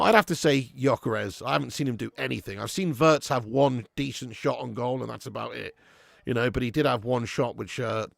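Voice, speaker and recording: A gravelly-voiced man talking casually over a live football match, loose and chatty with the odd swear word. His voice is dry and close to the mic. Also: medium pitch, dry recording. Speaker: host. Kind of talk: live football watch-along commentary.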